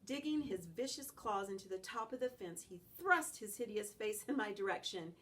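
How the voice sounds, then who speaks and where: A woman reading a children's novel aloud in an expressive, animated first-person style. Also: medium pitch, moderate pace, a little hiss or hum. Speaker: audiobook reader.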